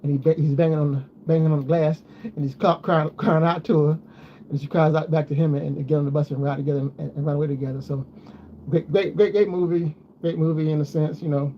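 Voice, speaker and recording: A man's voice: fairly high pitch, steady tone, quick pace. A man chatting casually to his viewers, rambling and repeating himself as he goes. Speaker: vlogger. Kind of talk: casual chat. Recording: dull lo-fi sound with faint noise.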